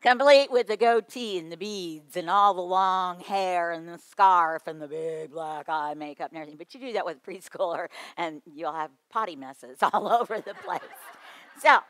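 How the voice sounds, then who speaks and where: Bright lively woman giving a workshop talk, playful, talks right at the crowd, dry close sound. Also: lowish voice, normal speed, no echo. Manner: lively, playful, addresses the audience directly. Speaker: children's ministry workshop presenter.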